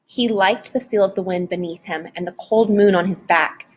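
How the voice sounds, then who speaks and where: A woman narrating a novel chapter aloud in a dramatic, expressive audiobook reading. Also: medium pitch, normal speed, a little hiss or hum. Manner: dramatic, varied storytelling delivery.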